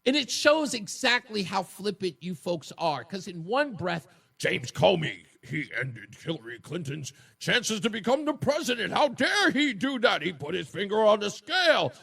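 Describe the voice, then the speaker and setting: A male talk radio host with a high, lively voice that leaps around in pitch. He mocks and taunts his opponents, rising to shouts and dropping to low jeers. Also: normal speed, gravelly, husky. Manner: mocking, combative, swings between shouting and low taunts. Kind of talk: opinionated political talk radio monologue.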